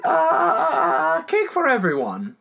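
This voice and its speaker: Comic bit: a man doing a squeaky, sheepish dictator in a very high, bright voice. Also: wildly swooping pitch, slow, vocal fry, heavily acted. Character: squeaky, suddenly apologetic male dictator, impression.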